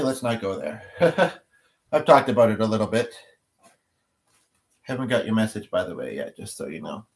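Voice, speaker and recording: A man hosting a livestream, chatting casually with viewers, rambling and thinking aloud as he goes. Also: lowish voice. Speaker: livestream host.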